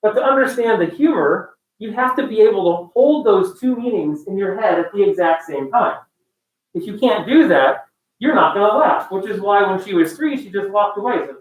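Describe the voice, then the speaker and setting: A man teaching a class in a casual, animated way, mixing stories into the lecture. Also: high voice, normal speed. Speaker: instructor. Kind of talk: lecture with storytelling. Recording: roomy room, far from the mic.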